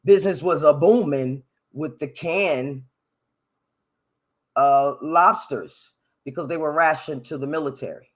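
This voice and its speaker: A man talks through a history topic on his own, wandering into tangents and correcting himself as he goes. His voice sits a little high, and he swings between low mutters and loud, lively bursts. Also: measured pace. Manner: rambling, self-correcting, joking asides; loud animated bursts, sound-effect "ding" noises. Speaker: podcast host. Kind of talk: unscripted solo history commentary. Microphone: headphones and desk mic.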